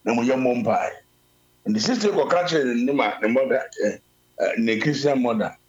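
A man with a Ghanaian accent preaching a sermon, telling a story and mixing Twi with English, swinging between loud calls and low asides. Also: expressive, normal speed. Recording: dull lo-fi sound.

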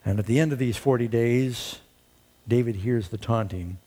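A man's voice: mid-range voice, moderate pace, dark tone. A male preacher giving a sermon, retelling a story with dramatic storytelling and rhetorical questions.

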